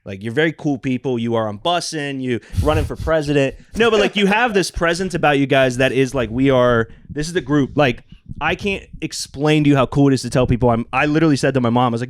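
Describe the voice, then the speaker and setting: A young man talking on a podcast, telling stories with lots of energy and jumping into the voices of the people he quotes. He swears casually, and his voice is medium in pitch. It is recorded close up with a dry sound. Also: fast talker, no echo. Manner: animated storyteller, acts out quotes, swears casually. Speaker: social media producer and podcast regular.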